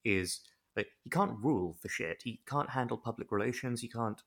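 A man co-hosting a comedy podcast, recapping a show in a wry, deadpan way. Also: medium pitch, moderate pace. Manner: wry, deadpan, chatty with digressions. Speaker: podcast co-host.

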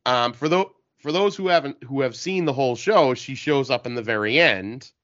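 A man with the hiccups chatting casually on a podcast panel, enthusiastic and halting, with lots of filler words. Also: mid-range voice, fairly bright tone. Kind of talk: casual chat. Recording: dull lo-fi audio.

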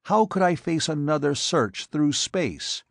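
A man's voice: fairly high pitch, animated, measured pace, gravelly, no echo, clean studio sound, pitched above the performer's own voice, full character voice. A man voicing a brooding lone space traveler. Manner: brooding inner thought. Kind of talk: audiobook narration.

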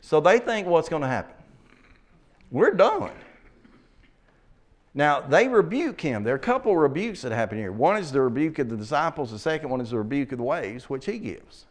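A man leading a Bible study, reading scripture aloud slowly and asking his listeners questions. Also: on the high side, big pitch swings. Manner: reads scripture aloud slowly, then asks the class questions.

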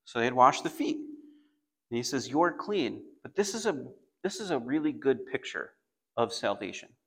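A man teaching a Bible passage in a conversational sermon, rising into animated bursts as he retells the story. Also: mid-range voice, measured pace, husky. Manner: conversational, animated when voicing Peter.

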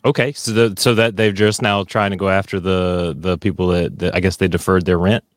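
A man's voice: sits low, level tone, fairly quick, no echo. A man co-hosting a casual podcast, throwing in dry, offhand wisecracks. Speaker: podcast co-host.

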